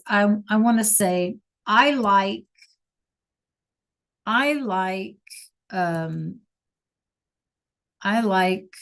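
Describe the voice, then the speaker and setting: Woman teacher, unhurried, talks through grammar examples with lots of ums over a computer mic. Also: medium pitch. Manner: slow, searching for examples with many fillers. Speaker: Spanish teacher. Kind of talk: online class lesson.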